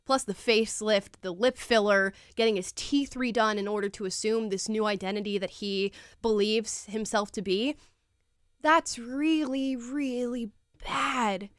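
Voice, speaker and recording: A woman's voice: medium pitch, normal speed, smooth, no echo, studio quality. A woman hosting a show, reacting to a debate clip with emphatic, incredulous opinionated commentary.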